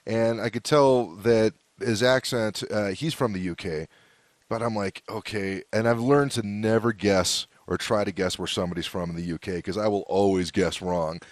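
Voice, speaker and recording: An American man hosts a podcast in a loose, rambling, chatty way. His voice sits low, and the recording is dry and close with no room sound. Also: steady tone, normal speed, no echo. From United States. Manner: loose and chatty, many fillers and restarts. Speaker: podcast host. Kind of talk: casual interview chat.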